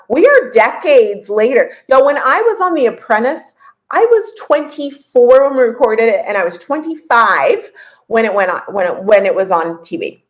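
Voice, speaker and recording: A woman in her forties, with a voice pitched somewhat high, talks casually into her podcast mic. She coaches her listeners in a lively, chatty way and laughs often. She repeats her key lines to drive them home. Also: normal speed, low-quality recording. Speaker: podcast host and business coach.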